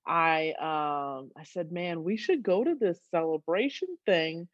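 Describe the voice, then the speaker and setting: A woman in her thirties, a guest on a podcast, telling a story with lots of laughter and high excited squeals. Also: measured pace, no room sound, dull audio. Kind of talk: casual storytelling.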